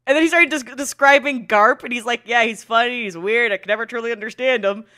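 With a fairly high, steady, sharp voice, a young woman talks fast with barely a pause while reacting to anime on stream. She giggles herself to tears, swears freely, and teases herself throughout the casual commentary.

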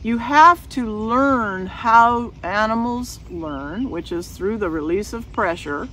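A woman's voice: fairly high pitch, fairly bright tone, recorded from a distance, slight background noise, poor audio. A woman dog breeder talking casually to camera outdoors, firm and matter-of-fact, repeating her points for emphasis.

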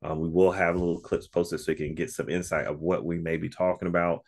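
A man's voice: low voice, flat delivery, brisk. A man guesting on a podcast, chatting casually and telling stories in a laid-back way, laughing often. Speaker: podcast guest and co-host of another podcast. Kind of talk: casual interview chat.

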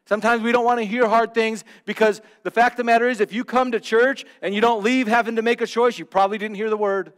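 A man preaching a sermon as pastor, speaking earnestly and directly to the congregation, swinging from loud emphatic bursts to hushed asides. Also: very high-pitched, fairly even intonation, fast talker, few pauses.

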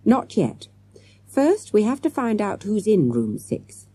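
Woman voicing an eager schoolboy detective, mellow, husky. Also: mid-range voice, wildly swooping pitch, takes it slowly, no echo, voice pushed up, exaggerated voice. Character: sharp, excitable schoolboy sleuth.

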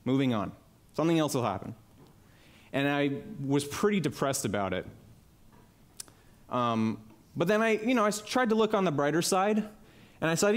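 A man in his twenties tells his story to a live audience at a conference, talking into a headset mic. His delivery is casual and animated, and he acts out the voices of the people he quotes. His voice sits a little high for a man. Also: a little fast. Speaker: conference speaker. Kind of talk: personal storytelling talk. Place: talk venue with live audience.

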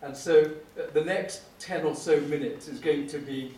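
A middle-aged man, a prosecuting barrister, giving a wry, anecdotal conference lecture with frequent "uh" pauses. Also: fairly high pitch, fairly even intonation, mellow. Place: lecture hall. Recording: echoey room, speaker far from mic, faint hum.

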